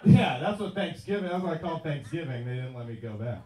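A man's voice: a little high, sing-song, a little fast, mellow. Hyper swearing man doing stand-up. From New York. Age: 30s. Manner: hyper, rowdy, swearing, self-mocking. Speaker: stand-up comedian. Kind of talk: stand-up comedy. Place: comedy club stage. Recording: echoey club, distant mic, crowd.

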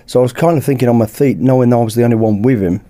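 British bloke spinning a yarn on a podcast, warm mellow voice, acts out all the lines. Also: male voice, mid-range voice, rapid-fire. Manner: lively anecdote-teller who acts out dialogue. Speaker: podcast guest, former bodyguard. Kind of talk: storytelling in casual chat.

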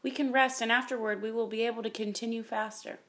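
Quiet gentle father read by a woman, soft-spoken, storybook. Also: fairly high pitch, fairly even intonation, quick pace. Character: quiet, gentle father who tells stories.

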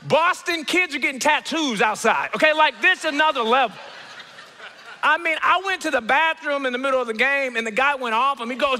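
A man preaches a comedic sermon from a church stage. His voice sits high and rings bright, and he acts out the people in his stories with sudden leaps in pitch. A long reverb from the large hall trails each phrase. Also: brisk. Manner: animated storytelling, acts out quoted people with jumps in pitch. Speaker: teaching pastor. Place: church auditorium.

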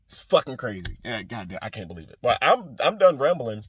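A man's voice: medium pitch, sing-song, brisk, a bit bright, husky, no echo. A young man ranting to camera in a profane, rambling, exasperated way. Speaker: soldier venting. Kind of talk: casual rant to camera.

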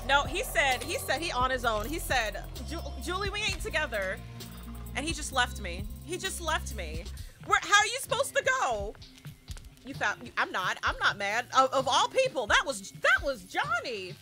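A woman live-streaming a horror game, talking to her chat with loud, excitable, dramatic reactions. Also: sits high, normal speed, music in the background. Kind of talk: live gameplay commentary with chat.

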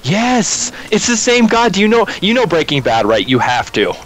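A man's voice: sits high, very animated, moderate pace, fairly bright tone, rough recording. A young man chatting casually while playing a co-op shooter, joking and rambling with frequent restarts. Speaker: gameplay commentator. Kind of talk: casual co-op gaming chat. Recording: game music playing under voice.

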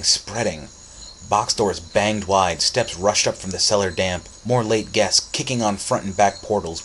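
Deep-voiced guy reading a spooky story aloud, steady and dramatic. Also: slight background noise, poor audio. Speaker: narrator. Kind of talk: audiobook reading.

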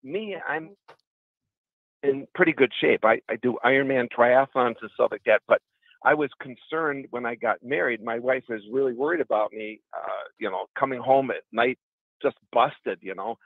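A radio caller in middle age, from Wisconsin, speaks at medium pitch and a moderate pace, earnestly rambling through long anecdotes about his past. It's a dry recording over a tinny phone line.

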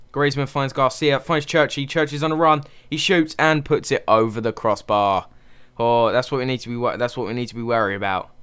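A young man giving excitable commentary while playing a football management game, cheering his team on. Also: lowish voice, clean tone. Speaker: gaming channel host.

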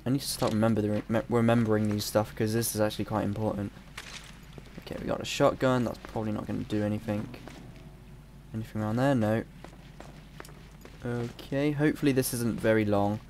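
A man's voice: on the low side, steady tone, a little fast, pauses often, darkish tone, a little hiss or hum. A young man, a bit ill, chatting and rambling distractedly as he comments on his gameplay. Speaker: gamer. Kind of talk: let's play commentary.

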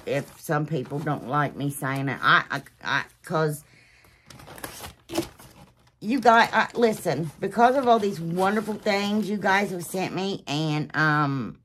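A woman hosting a DIY channel, chatting casually to her viewers in a rambling, gushing, emotional way, sometimes dropping to a soft whisper. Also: deep voice, slight background noise.

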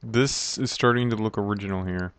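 A man's voice: fairly low pitch, brisk, fairly bright tone, clear, resonant tone, no echo. A man commentating his gameplay, sarcastic and frustrated, swearing at the game's maker. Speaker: let's play commentator. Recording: dry, dull lo-fi mic.

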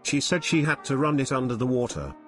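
A man's voice: medium pitch, very animated, brisk, fairly bright tone, faint music behind. A man voicing a flustered, chatty middle-aged mother with a Southern US accent.

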